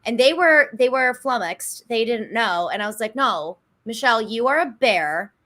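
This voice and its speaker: A chatty woman co-hosting a podcast, talking with a bright, forceful tone that sits a little high. She is enthusiastic and laughs easily as she interviews a guest. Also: animated, normal speed. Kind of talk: casual podcast chat.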